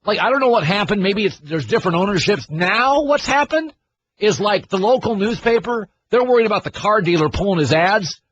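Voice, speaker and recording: A man's voice: high voice, lively intonation, fairly quick, fairly bright tone, muffled recording, a little hiss or hum. A man hosting a sports radio show, ranting and sarcastic in disbelief. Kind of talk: opinionated sports talk.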